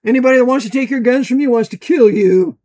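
An American man giving an emphatic, preachy monologue and reading passages aloud from a book, often rising to loud bursts. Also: very high voice, fast talker. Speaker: commentator.

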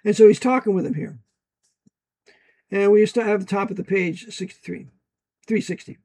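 High-voiced emphatic American man. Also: moderate pace, gravelly. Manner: emphatic, preachy, rising to loud bursts. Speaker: commentator. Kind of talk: monologue reading aloud from a book.

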